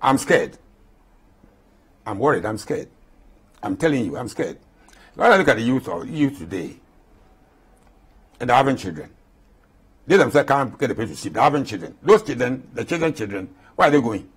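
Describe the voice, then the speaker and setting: Husky old ghanaian guy in his 80s, voice rises and falls a lot, keeps repeating himself. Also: mid-range voice, very animated, moderate pace, long pauses. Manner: impassioned, repeats himself for emphasis. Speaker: guest. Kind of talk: interview.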